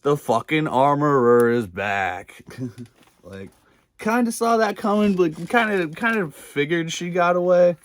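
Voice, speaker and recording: A man's voice: on the high side, very animated, a little slow, no room sound. A man casually recapping a TV episode, rambling with many fillers, cursing freely and laughing along. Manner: rambling, profane, filler-heavy, laughs often. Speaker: video reviewer.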